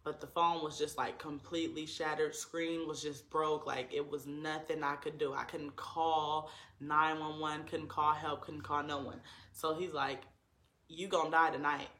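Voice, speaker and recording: A man's voice: a little high, level tone, a little slow, bright, forceful tone, echoey room. A man telling a personal story to his viewers in an earnest, emotional way, full of likes and ums.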